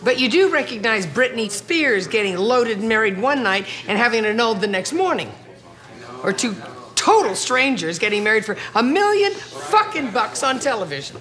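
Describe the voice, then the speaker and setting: A woman's voice: fairly high pitch, sing-song, normal speed, a bit bright. An actress playing a brash, outspoken mother who swears and rants indignantly, in a film clip.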